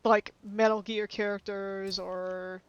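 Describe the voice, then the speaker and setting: A streamer in casual chat with friends, relaxed and rambling with lots of fillers. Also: medium pitch, takes it slowly, smooth, no echo. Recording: dull, slightly lo-fi stream audio.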